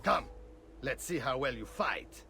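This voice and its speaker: A man voicing a video game swordmaster who warmly invites a young man to practice fighting. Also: medium pitch, lively intonation, a little slow, a little hiss or hum. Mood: inviting.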